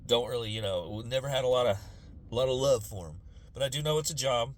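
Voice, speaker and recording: A man's voice: mid-range voice, fast, a little hiss or hum. A man in his forties doing a profane, casual comedic rant about politics and generations. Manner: profane, animated, lots of quoted voices. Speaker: commentator.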